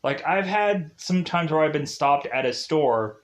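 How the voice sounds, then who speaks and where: A man's voice: fairly high pitch, lively intonation, measured pace. A man casually recapping a TV episode in a rambling way, using lots of filler words, laughing at his own jokes and acting out the characters' lines in mocking voices. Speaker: TV review host.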